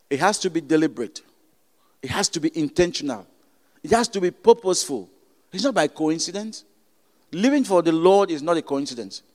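A man from Cameroon with a Cameroonian accent, preaching a sermon with emphatic, repeated phrases and halting restarts. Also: high voice. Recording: long reverb of a hall.

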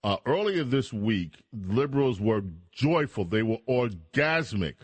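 A man's voice: medium pitch, big pitch swings, a little slow, husky, dry recording. A man hosting a talk radio interview with an emphatic, mocking manner. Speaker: radio host.

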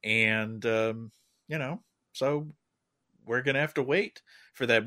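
A man hosting a podcast, chatting casually with co-hosts in a relaxed, rambling way full of fillers. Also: medium pitch, slow pace. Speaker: podcast host. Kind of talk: casual chat.

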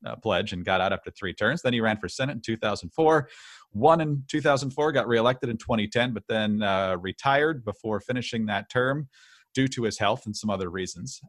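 Male podcast co-host, lowish voice, measured delivery with a wry edge, dry close mic. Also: animated, fairly bright tone, no echo. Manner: measured, wry, with many "uh" fillers. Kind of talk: casual political commentary.

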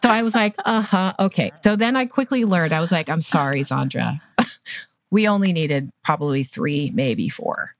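Woman, low-pitched, chatty guest with a dull, dry sound. Lots of "like" and "right?". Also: lively intonation, moderate pace, no echo. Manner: chatty, many fillers and "right?" tags. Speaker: costume designer guest. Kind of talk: casual podcast interview.

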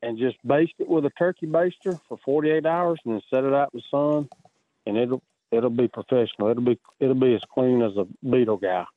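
A man's voice: mid-range voice, fairly quick. A man with a Southern US accent, calling in to a radio talk show and chatting casually in a folksy, drawling way. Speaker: caller. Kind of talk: casual chat. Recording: tinny phone line.

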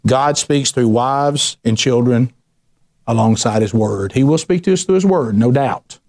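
A middle-aged man preaching a sermon, telling lively personal stories and acting out the voices in them. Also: medium pitch, a little slow. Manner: animated storyteller, acts out voices, ranting bursts.

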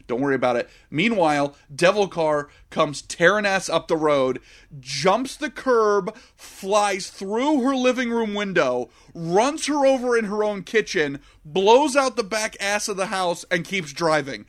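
Man, podcast co-host, slightly high voice, casual movie chat, excitable, profane. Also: unhurried.

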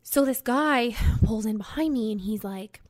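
A woman's voice: fairly high pitch, normal speed, dry recording, clean studio sound. A young woman, a podcast host telling a story in casual chat, swearing freely and filling it with "like". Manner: chatty, swears freely, fillers of "like".

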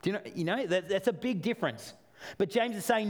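Pastor preaching in a higher voice. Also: male voice, fairly quick. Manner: conversational, builds to emphatic repetition. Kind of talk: sermon.

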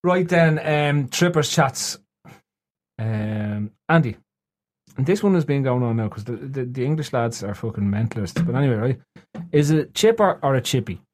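A man hosting a casual podcast, reading out listener questions with quick, boisterous energy. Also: medium pitch, lively intonation. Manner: quick, boisterous, bursts into laughing shouts. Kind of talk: casual banter.

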